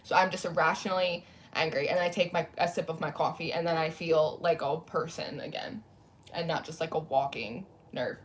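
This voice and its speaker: A woman's voice: low-pitched, fairly even intonation, normal speed. A young woman chatting casually on a livestream as a tarot reader, rambling as she reads and answers viewer comments. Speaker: tarot reader streaming live. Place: home room lit by candles.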